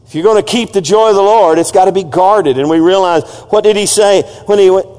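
A man's voice: high-pitched, brisk, darkish tone, clear, resonant tone. Preaching man with call-and-response. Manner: call-and-response, urging the congregation to repeat phrases; emphatic preaching with frequent asides and restarts. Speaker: pastor. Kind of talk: sermon. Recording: long reverb of a church hall.

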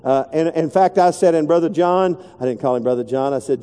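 A middle-aged man, telling a folksy story in a sermon and dropping his voice low when he quotes people. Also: brisk, few pauses, dark tone. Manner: folksy, repetitive, drops voice low when quoting. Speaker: pastor. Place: large church sanctuary. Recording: long echo of a big hall.

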